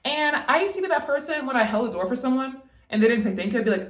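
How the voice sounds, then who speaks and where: A woman's voice: high-pitched, expressive, quick pace, reverberant. A young woman in a casual vlog, emphatically giving advice straight to the viewer while getting ready at home. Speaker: vlogger.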